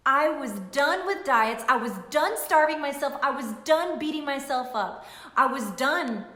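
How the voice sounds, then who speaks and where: A middle-aged woman, a nutritionist, telling an emotional personal story to camera in an animated way, repeating phrases for emphasis. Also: sits high, unhurried. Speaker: nutritionist and weight-loss coach. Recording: echoey room.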